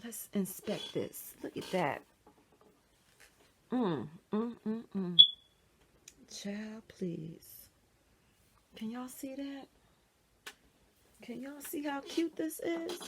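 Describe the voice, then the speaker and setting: A woman's voice: medium pitch, dark tone, a little hiss or hum. A middle-aged woman chatting casually in a wig unboxing vlog, talking to viewers as y'all, dropping into whispers and squealing with delight. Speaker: wig reviewer.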